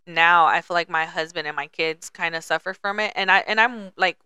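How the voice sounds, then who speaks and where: A woman in her forties chats candidly as a podcast co-host, her voice set a little low and very crisp and clean. She swears freely and doubles back on words as she talks. The sound is close and dry. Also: fairly quick, bright, forceful tone, dry recording. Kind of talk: casual chat.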